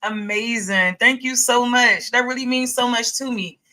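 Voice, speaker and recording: A woman who makes online content, speaking in casual group discussion in a relaxed, sincere way. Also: a little high, normal speed. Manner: relaxed, sincere, laughs easily.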